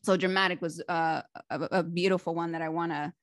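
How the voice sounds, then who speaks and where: A woman's voice: lowish voice, a little fast, no room sound, clean studio sound. Chatty laughing woman podcast host. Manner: animated, laughs often, chatty with restarts. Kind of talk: casual interview chat.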